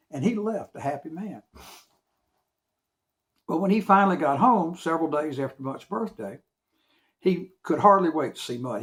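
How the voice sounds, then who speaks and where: A man telling a tall tale in a folksy, drawn-out storytelling manner. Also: fairly high pitch.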